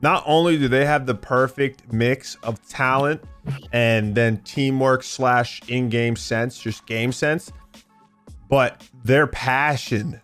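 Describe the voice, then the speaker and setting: Brief: male esports panelist, mid-pitched, earnest emphatic talk, faint music under. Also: slow pace, a bit bright, clean tone. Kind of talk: casual panel chat.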